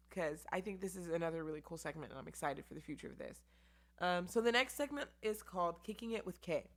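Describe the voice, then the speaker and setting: Low-voiced woman hosting a casual podcast. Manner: candid, rambling, heavy on "um" and "like". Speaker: podcast host. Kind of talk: casual solo podcast chat. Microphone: camera with mic.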